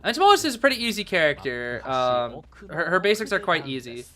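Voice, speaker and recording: A young man streams casual commentary on a match, cheering the players and chatting with viewers. His voice is bright and a little high, and it swings widely in pitch. Faint music plays underneath. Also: quick pace. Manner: excitable, cheering, talks to chat. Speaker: streamer watching a tournament.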